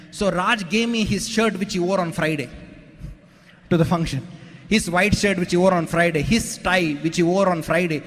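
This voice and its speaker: A man giving an animated, joking motivational speech to a conference audience, acting out his own quotes and checking in with "okay?". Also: high voice, long reverb tail. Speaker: motivational speaker at a business conference. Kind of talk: storytelling speech to a live audience.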